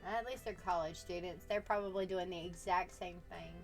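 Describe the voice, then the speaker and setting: A woman's voice: fairly low pitch, fairly even intonation, normal speed, soft background music. A woman casually chatting with her viewers on a live stream, teasing them playfully and laughing often.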